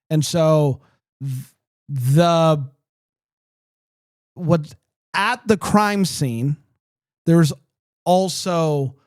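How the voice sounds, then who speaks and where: Man, podcast host, casual chat, slightly high voice, dry close mic, eager, filler-heavy. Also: a little mellow, smooth, dry recording.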